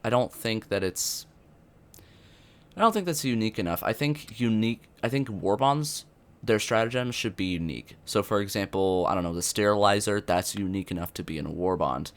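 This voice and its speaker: A man's voice: on the low side, expressive, fairly quick. A young man giving unscripted commentary on a video game update, rambling with many fillers and restarts. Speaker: gaming youtuber.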